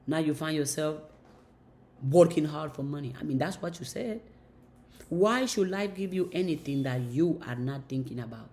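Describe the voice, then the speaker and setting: Lowish-voiced woman hyping you up, preachy and repeating herself a lot. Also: animated, normal speed, mellow. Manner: emphatic, repetitive, preachy. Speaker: motivational speaker. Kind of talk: motivational monologue.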